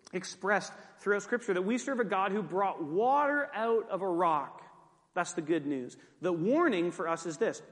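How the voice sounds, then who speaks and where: A man's voice: high-pitched, big-room sound. A man preaching a sermon as pastor, conversational with joking asides.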